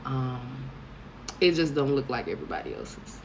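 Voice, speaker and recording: Low-voiced blunt woman in her thirties. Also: sing-song, moderate pace, vocal fry, a little mellow, slight background noise, low-quality recording. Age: 30s. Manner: blunt, profane storytelling with bursts of laughter. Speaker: vlogger. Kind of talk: casual monologue to camera.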